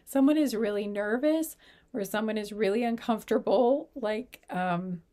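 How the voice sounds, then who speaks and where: Woman tarot reader, casual and rambling, leans on fillers, mid-pitched voice. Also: moderate pace, mellow. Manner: rambling, filler-heavy talk full of "like" and "you know". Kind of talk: casual pick-a-card tarot reading.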